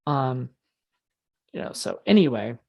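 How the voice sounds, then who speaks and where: A man's voice: mid-range voice, very animated, measured pace, gravelly, lo-fi sound. Rambling, hesitant man reviewing a film. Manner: rambling and hesitant, full of ums and restarts; exasperated, mocking asides. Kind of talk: casual spoken film review.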